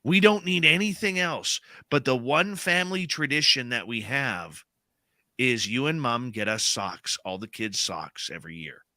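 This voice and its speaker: Animated middle-aged man telling a story. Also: medium pitch, normal speed, no room sound. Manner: animated storyteller, acts out quotes. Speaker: radio host. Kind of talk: casual storytelling chat.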